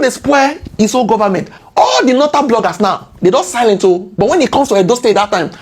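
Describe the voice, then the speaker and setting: A woman with a Nigerian accent mixes in Pidgin as she gives impassioned political commentary, firing off indignant rhetorical questions and repeating key words. Her voice is mid-range with a darkish tone and a breathy edge.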